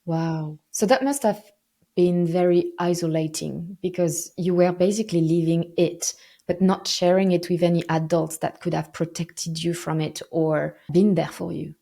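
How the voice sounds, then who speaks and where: A woman's voice: lowish voice, fairly even intonation, moderate pace, gravelly, warm tone. A woman hosting an interview, asking empathetic questions that sum up what her guest said. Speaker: interviewer, host. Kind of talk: interview conversation.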